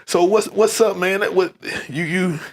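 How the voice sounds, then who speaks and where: A man's voice: sits high, normal speed. A man hosting a podcast, chatting casually and loosely with plenty of slang and storytelling. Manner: slangy, says "man" often; animated storytelling. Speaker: podcast host. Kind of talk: casual chat.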